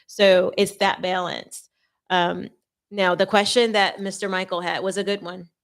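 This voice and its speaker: A woman's voice: medium pitch, little pitch movement, measured pace. A woman host talking earnestly and conversationally about faith and marriage preparation, with playful asides. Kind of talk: faith-based marriage advice talk.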